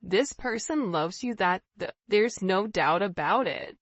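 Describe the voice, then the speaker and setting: Female tarot reader, unhurried and earnest, direct to camera, dry and slightly muffled sound. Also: mid-range voice, expressive, no room sound. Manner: intuitive, repetitive, earnest, talks straight to the viewer. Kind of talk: casual tarot reading to camera.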